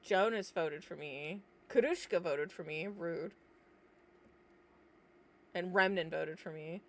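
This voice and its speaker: A woman's voice: lowish voice, slow pace. A woman livestreaming a game, chatting casually and reacting with swearing and laughter. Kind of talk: casual live gameplay chatter. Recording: game music playing behind. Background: game music.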